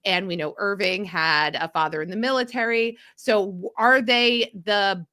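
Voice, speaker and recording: Woman hosting a podcast, bright voice, talks a lot, laughs easy, dry mic. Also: medium pitch, moderate pace, no room sound. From mid-Atlantic region of the US. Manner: animated, laughing, theorizing at length. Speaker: podcast host. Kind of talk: casual podcast chat.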